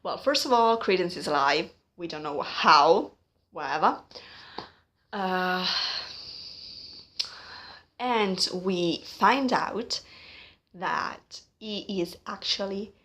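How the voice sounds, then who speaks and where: Slow, hesitant low-voiced woman. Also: fairly bright tone. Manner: hesitant, searching for words, many fillers; frustrated, critical. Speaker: vlogger. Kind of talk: casual opinion vlog.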